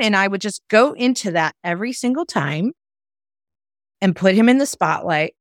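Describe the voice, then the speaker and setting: This is a clean studio recording with no echo of a middle-aged woman with a fairly low voice. As a podcast host in casual conversation, she tells stories animatedly and acts out what other people said.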